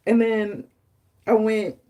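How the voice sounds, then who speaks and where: Woman, young adult, live stream host, casual hair-care chat, chatty, animated, average pitch. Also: slow. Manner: chatty, animated, dramatizes stories with laughter.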